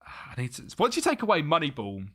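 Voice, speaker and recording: A man's voice: on the high side, huge pitch swings, fairly quick. A young British man chatting casually on a live gaming stream, muttering to himself and laughing often.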